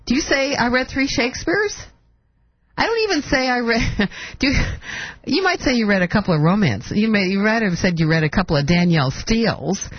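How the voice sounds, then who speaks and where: Sarcastic husky-voiced woman radio host. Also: medium pitch, very animated, fairly quick, no room sound, highs cut off. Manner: sarcastic, mocking, rhetorical questions. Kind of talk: political commentary monologue.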